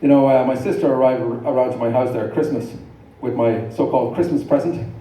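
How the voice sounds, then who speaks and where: A middle-aged man delivers a stand-up set at a large live venue, and his humor is dry and self-deprecating, broken up by rambling asides. His mid-range voice is warm, steady in tone and a little fast. The audience laughs through a noisy recording made with a distant mic in an echoey hall.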